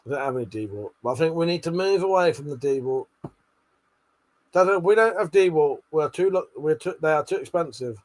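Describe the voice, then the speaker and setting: A man's voice: a little high, animated, normal speed. A man hosting a casual late-night livestream, reading out chat messages with lots of swearing, laughter and joking banter.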